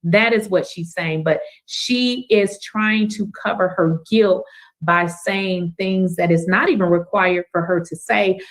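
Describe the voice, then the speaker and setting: A woman's voice: on the low side, a little slow, poor audio. A woman hosting a reaction commentary, blunt and incredulous, firing rhetorical questions while facing a camera. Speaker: commentary host.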